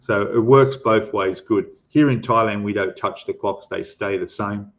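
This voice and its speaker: An Australian man hosts a laid-back livestream and wanders from one thought to the next. His voice sits a bit low, and he greets each viewer as "mate". The stream audio is dull and lo-fi. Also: a little slow. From Queensland, Australia. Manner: rambling, greets chatters warmly with "mate". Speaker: livestream host. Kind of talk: casual livestream chat. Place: home in Thailand.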